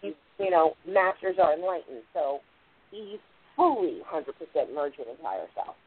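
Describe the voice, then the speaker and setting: Over tinny, phone-line radio audio, a woman hosts a spiritual show, explaining things in a casual, rambling way full of "like" and "literally." She has a low voice, sounds animated, speaks at normal speed, and a crowd can be heard behind her.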